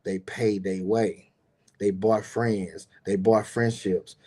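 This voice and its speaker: Middle-aged guy telling his story, low warm voice, loose and slangy, cusses a lot. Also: fairly even intonation, takes it slowly. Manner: rambling, slangy, swears freely, addresses viewers directly. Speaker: business owner telling a personal story. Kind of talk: casual personal storytelling monologue.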